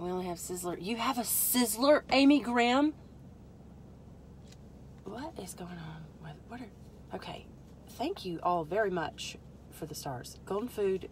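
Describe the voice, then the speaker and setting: A woman's voice: mid-range voice, slight background noise. A woman hosting a casual product-testing live stream from a parked car, rambling through joking asides to her viewers and muttering under her breath as she fiddles with the product. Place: parked car in a store parking lot.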